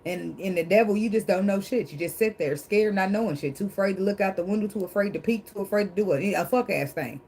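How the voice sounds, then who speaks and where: Talking fast with few pauses, a woman of medium pitch and slightly mellow tone reads tarot casually; the poor recording has a little hiss or hum. She's forceful and blunt, swears frequently, laughs, and moralizes about faith, calling herself dramatic.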